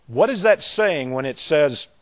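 An older man with a Southern American drawl delivers a sermon. His voice sits a little high, and he stretches and repeats words, swelling louder on the points he wants to drive home. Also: animated. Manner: emphatic, drawn-out delivery that swells in loudness on key words. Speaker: preacher.

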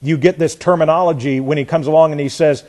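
Fairly high-voiced male preacher. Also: steady tone, fast, a little mellow. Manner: reads scripture aloud, then comments with sudden bursts and drops in volume; laughs at times while preaching. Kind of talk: sermon.

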